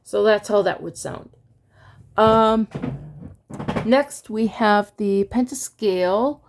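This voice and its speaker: A woman teaching an online music lesson in a relaxed, halting way, stopping now and then to sing solfege syllables. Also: medium pitch, background noise. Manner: relaxed and halting, many ums, sings solfege syllables to demonstrate.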